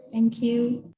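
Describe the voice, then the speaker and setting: A woman, an elementary English teacher, presenting her plans in an online class in a hesitant, halting way. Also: fairly high pitch, a little mellow, slight background noise, rough recording. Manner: hesitant, halting, many fillers. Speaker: elementary school English teacher, student in training course.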